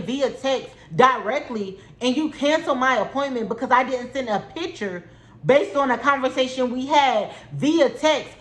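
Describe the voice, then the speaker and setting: A woman's voice: high-pitched, moderate pace. A young woman telling a story to camera in a casual, indignant, exasperated way. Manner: animated, indignant, exasperated, frequent "like". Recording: echoey room.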